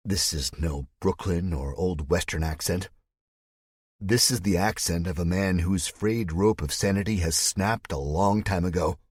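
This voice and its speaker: Deep husky guy narrating an audiobook, first person, dry close sound. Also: a little slow, dry recording.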